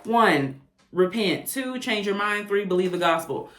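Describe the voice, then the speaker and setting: A woman giving a casual tarot reading to camera, chatty and animated, with blunt, profane asides. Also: mid-range voice, unhurried, echoey room. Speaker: tarot reader.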